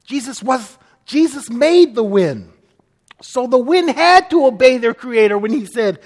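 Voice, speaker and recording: A man's voice: very high voice, lively intonation, measured pace, in a large hall. A man preaching a sermon as pastor, earnest, and often acting out the people he quotes.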